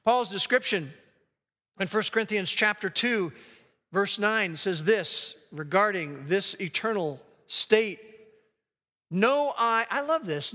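A man preaching a sermon as a pastor, emphatic and slowing down to read scripture aloud. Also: high voice, animated, pushed and bright. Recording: long hall reverb.

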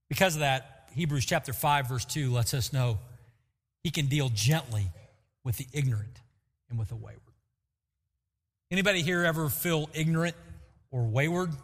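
A man preaching a sermon as pastor, lively and acting out quotes to make his points. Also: fairly high pitch. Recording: long hall reverb.

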